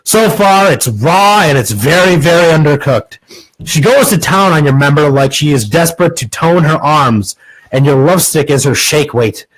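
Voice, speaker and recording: A man's voice: a little high, animated, moderate pace, poor audio. A young man hosting a podcast, doing a crude, sarcastic comic monologue and restarting lines now and then. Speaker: podcast host.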